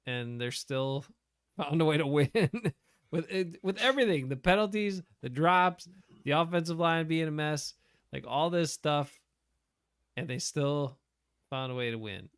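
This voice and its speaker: A man co-hosting a casual sports chat, easygoing, laughing along with quick agreements. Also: fairly high pitch, a bit bright, clean tone. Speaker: co-host.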